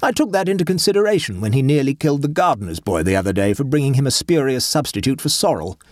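A man voicing Sir Lulworth, an urbane, wry elderly English gentleman who speaks in dry, unhurried epigrams. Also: medium pitch, big pitch swings, no echo, voice pushed up, natural voice.

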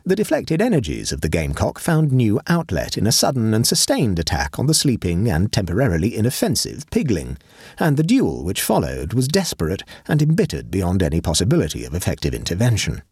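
A man narrating a classic humorous short story in a wry, measured manner. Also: lowish voice, wildly swooping pitch, a little mellow, husky, no room sound, studio quality.

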